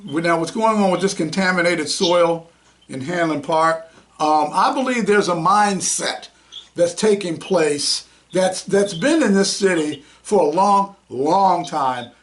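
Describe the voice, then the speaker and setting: Brief: male radio host with a high-pitched voice, casual and excitable. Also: a little slow. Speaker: talk show host.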